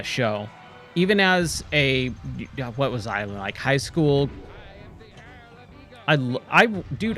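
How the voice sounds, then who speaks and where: A man in his forties streaming a game, rambling casually and nostalgically, full of "dude" and quick excited asides. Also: fairly high pitch. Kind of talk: casual gameplay commentary. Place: home, playing a VR game.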